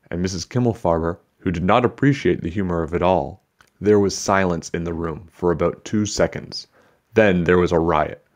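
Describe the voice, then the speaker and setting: Man, very low voice, children's book read-aloud, steady narration. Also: muffled recording.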